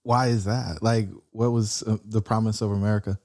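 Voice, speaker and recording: A man's voice: on the low side, little pitch movement, normal speed, a little mellow. A man interviewing a guest in casual chat, asking questions with playful, teasing asides.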